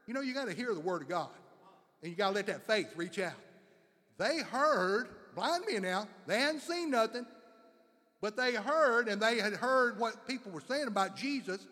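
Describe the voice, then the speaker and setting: A man delivers a fervent sermon, circling back on his phrases and building emphasis. His voice sits high for a man. It rings out with a long, trailing reverb. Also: animated, normal speed, a bit bright. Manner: fervent, repetitive, rising emphasis. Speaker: preacher.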